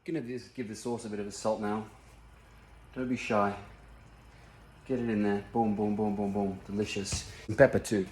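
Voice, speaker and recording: A man's voice: lowish voice, steady tone, normal speed, long pauses, darkish tone, slight background noise. A man hosting a cooking demonstration in his kitchen, talking in a playful, chatty way with jokey asides. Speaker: cooking show host. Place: home kitchen. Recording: echoey kitchen with clattering pans.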